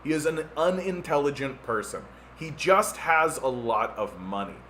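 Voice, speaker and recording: Canadian man, fairly high voice, sarcastic rant, faint background noise. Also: lively intonation, normal speed, a bit bright. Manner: sarcastic, mocking impressions, lots of "like" fillers. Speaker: podcast host. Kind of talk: casual ranting monologue.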